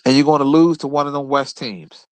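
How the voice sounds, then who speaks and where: A man's voice: medium pitch, steady tone, fairly quick, clean tone, no room sound. A man hosting his own show, ranting about basketball in a blunt, profane, trash-talking way. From Philadelphia area. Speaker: host. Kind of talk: casual sports rant.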